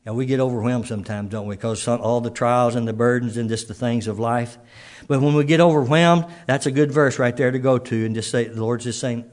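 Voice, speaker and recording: Male preacher, folksy conversational sermon, homely restarts and quiet asides. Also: medium pitch, steady tone, fairly quick.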